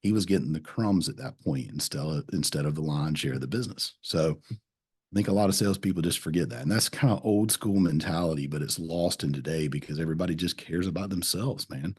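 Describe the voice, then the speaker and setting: A man's voice: rumbling low, fairly quick, a little mellow, slightly rough. A man hosting a casual podcast chat, telling folksy sales stories with repeated phrases and a friendly "man" here and there. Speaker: podcast host.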